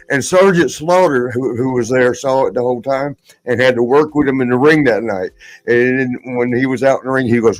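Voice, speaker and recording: Brief: older male podcast host, mid-pitched, casual, laughs a lot while telling stories. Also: moderate pace, low-quality recording. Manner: laughing often, rambling stories. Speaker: podcast host, former wrestler. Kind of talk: casual chat.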